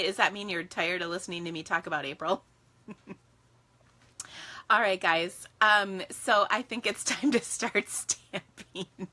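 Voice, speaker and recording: A middle-aged woman hosts a casual live stream from her home craft room, gushing brightly over what she shows. Her voice sits at an ordinary middle pitch and keeps breaking into laughter. It is picked up by the camera's own mic. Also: moderate pace, no echo. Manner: bubbly and gushing, laughs often. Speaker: card-making demonstrator hosting a live stream.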